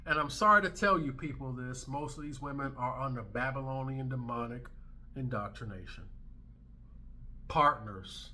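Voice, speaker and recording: A man's voice: mid-range voice, brisk, sharp tone. Brash ranting man in his thirties. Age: 30s. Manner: brash, emphatic, swearing freely. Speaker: commentary channel host. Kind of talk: ranting commentary vlog.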